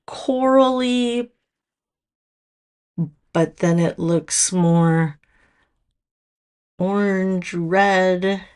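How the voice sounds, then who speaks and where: A woman's voice: on the low side, a little mellow. A woman with a Minnesota accent showing off nail products in a casual, chatty way, full of fillers and restarts.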